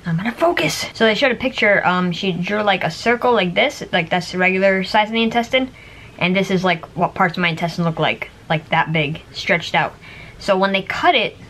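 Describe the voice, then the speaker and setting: A woman's voice: medium pitch, fairly bright tone, slight background noise. A woman vlogger chatting casually to camera, rambling with lots of fillers and little laughs.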